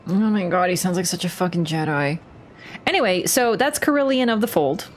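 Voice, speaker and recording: A woman's voice: fairly low pitch, animated, fairly quick. A young woman chats casually on a game stream, swearing and laughing often. Her voice swoops up and down a lot. Faint game music plays behind her. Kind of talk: casual gaming stream chat.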